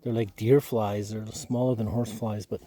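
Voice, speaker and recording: A young man chatting casually to the camera while camping outdoors by a marsh, rambling in a relaxed way with quiet offhand asides to himself. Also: lowish voice, moderate pace. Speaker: solo camping vlogger. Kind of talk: casual outdoor vlog commentary.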